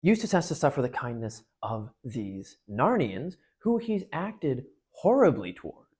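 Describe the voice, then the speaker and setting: Husky man retelling a story in class. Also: medium pitch, sing-song, unhurried, darkish tone. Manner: conversational, with frequent restarts and fillers. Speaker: parish speaker on literature. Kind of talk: casual talk retelling and analyzing a book.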